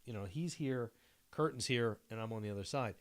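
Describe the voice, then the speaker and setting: A middle-aged man spins a rambling, profanity-laced story in casual podcast chat. His voice sits at an ordinary middle pitch, and he keeps piling on asides as he talks. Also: fairly quick. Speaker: podcast co-host.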